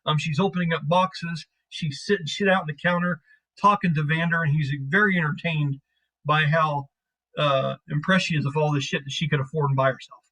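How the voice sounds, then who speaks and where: A man's voice: on the high side, fairly even intonation, a little fast, pushed and bright, low-quality recording. A man narrating as game master of a tabletop game, casual and profane, rambling through scenes.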